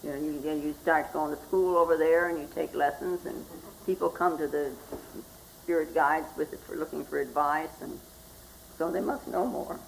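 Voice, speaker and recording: An older woman, a Zen teacher, giving a slow, reflective spoken talk and often asking "hmm?" as she goes. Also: low voice, fairly even intonation, vocal fry, a little hiss or hum, low-quality recording. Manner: slow and reflective, with frequent questioning "hmm?" asides.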